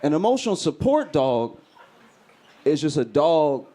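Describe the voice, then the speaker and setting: A male stand-up comedian telling a story on stage with a slightly high-pitched voice. He is animated and often breaks into loud, shouted voices. The live recording carries clear room noise with clicks around him. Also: a little slow.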